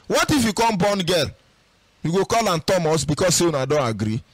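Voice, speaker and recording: A man speaking Nigerian Pidgin as a host answering questions, in a sing-song, animated way that acts out other people's voices. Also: high voice, fast talker, dry recording. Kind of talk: casual spoken commentary.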